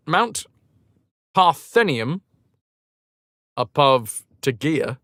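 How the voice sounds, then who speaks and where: A streamer reads an old history aloud and cuts in with sarcastic jokes, his somewhat high voice swinging up and down a lot. It sounds close and dry, with no room echo. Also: lively intonation, measured pace, a bit bright. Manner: sarcastic, joking. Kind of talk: reading history aloud with comic asides.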